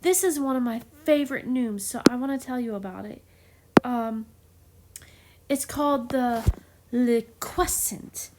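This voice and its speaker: A woman with a somewhat high voice teaches chant in a casual, chatty way. She is openly enthusiastic and playful about the material. She talks with plenty of fillers and little laughs. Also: measured pace, heavy background noise. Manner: enthusiastic, playful, self-described geek. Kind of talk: casual explanatory lesson.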